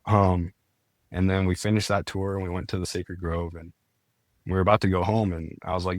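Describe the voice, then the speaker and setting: Low-voiced young man telling his story. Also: level tone, a little fast, dry recording, clean studio sound. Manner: earnest, many "like" fillers and restarts. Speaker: podcast guest. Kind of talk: casual storytelling.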